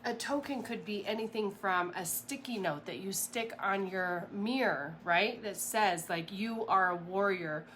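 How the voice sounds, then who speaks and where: Chatty, animated woman coaching. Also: mid-range voice, unhurried, few pauses, slight background noise. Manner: chatty and animated, rambling with fillers and laughs. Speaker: mindset coach. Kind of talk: casual motivational talk to camera.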